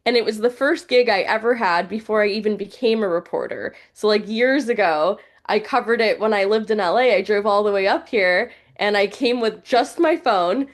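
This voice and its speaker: A woman's voice: medium pitch, moderate pace, hardly any pauses. A young woman journalist talking in a casual, heartfelt podcast chat, full of "like" fillers. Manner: chatty, heartfelt, many fillers like "like". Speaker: journalist and news reporter guest.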